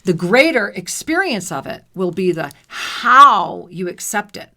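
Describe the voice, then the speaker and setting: Bright, effusive spiritual radio woman. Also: mid-range voice, sing-song, measured pace. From New Jersey. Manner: effusive, sing-song, laughs often. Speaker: radio show co-host and intuitive reader. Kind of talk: spiritual talk radio with caller readings.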